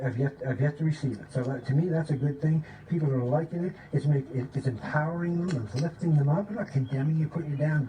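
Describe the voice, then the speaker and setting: A man giving an informal, excited spiritual talk, often checking in with "okay?" and sometimes dropping to a low voice to demonstrate. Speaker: spiritual teacher. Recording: distant mic with faint background noise.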